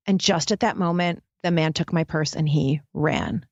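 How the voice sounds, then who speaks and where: A woman's voice: lowish voice, steady tone, normal speed, few pauses, no echo. Intense storytelling woman on a dull line. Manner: intense, dramatic storyteller who addresses listeners directly. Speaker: guest, happiness expert. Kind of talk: candid storytelling interview talk.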